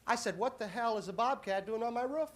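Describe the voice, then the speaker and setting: A man doing a stand-up comedy routine on a club stage, deadpan setups that burst into shouted punchlines. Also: very high voice, quick pace. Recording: live club audience laughing. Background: audience laughter and applause.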